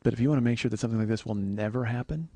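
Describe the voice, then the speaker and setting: A man in his forties hosting a podcast, telling a comic story with profanity and animated, yelled-out quotes. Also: mid-range voice, rapid-fire, no room sound. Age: 40s. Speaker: podcast host. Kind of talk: comedic storytelling monologue.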